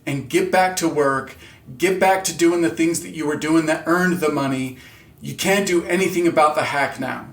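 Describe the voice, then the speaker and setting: Brief: male vlogger, 30s, earnest and candid, slightly higher voice, echoey room. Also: a bit bright. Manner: earnest, candid, self-motivating. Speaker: channel host. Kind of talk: motivational vlog talk. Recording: roomy echo.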